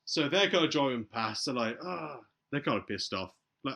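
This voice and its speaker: A man's voice: mid-range voice, brisk, gravelly. A man casually retelling a film plot on a podcast, acting out the characters' lines as he goes. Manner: animated retelling, acts out movie lines.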